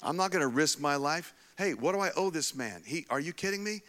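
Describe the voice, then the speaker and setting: A man preaching a sermon, telling a Bible story in a casual, animated way with frequent restarts. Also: on the high side, brisk. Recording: long hall reverb.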